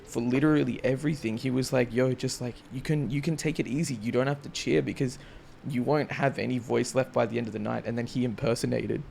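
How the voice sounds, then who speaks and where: A man in his twenties chatting excitedly and casually as a vlogger, full of slang like bro and dude. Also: mid-range voice, brisk, gravelly, slight background noise. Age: 20s. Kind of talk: casual chat.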